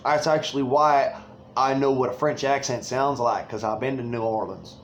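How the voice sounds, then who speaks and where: A man's voice: medium pitch, fairly even intonation, moderate pace, slight background noise. A man delivering an angry, rambling political rant full of swearing.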